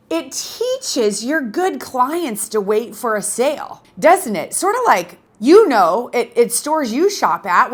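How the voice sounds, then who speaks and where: A lively woman with a fairly high voice that swoops up and down as she coaches her audience. She talks to camera in a casual teaching style, emphatic and animated, and she is middle-aged. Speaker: photography business coach.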